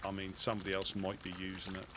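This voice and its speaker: A man in roleplay chat inside a survival game, talking in a relaxed, rambling way. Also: low voice, fast, noisy background.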